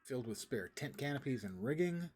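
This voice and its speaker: A man's voice: mid-range voice, lively intonation, a little fast, a little mellow, a little hiss or hum. A man streaming a video game, making wry, joking asides in casual gameplay commentary.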